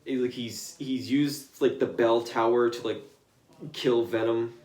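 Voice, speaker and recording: A man's voice: medium pitch, fairly even intonation, unhurried, a little mellow. Young man, rambling casual retelling. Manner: rambling, filler-heavy retelling. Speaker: storyteller explaining comics to a friend. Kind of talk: casual chat. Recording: echoey room.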